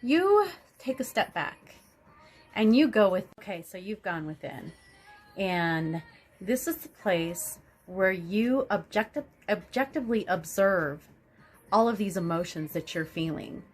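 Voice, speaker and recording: Speaking at a measured pace in a medium pitch, this female vlogger works through a self-help concept in a loose, chatty ramble. She keeps starting sentences over and leans on fillers, bringing ordinary anecdotes to life with lively storytelling.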